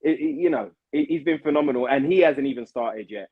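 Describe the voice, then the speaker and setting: A man, a podcast guest chatting casually over a video call in a slangy, animated way. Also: medium pitch, brisk, no room sound, phone-quality sound. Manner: slangy and animated, repeating words.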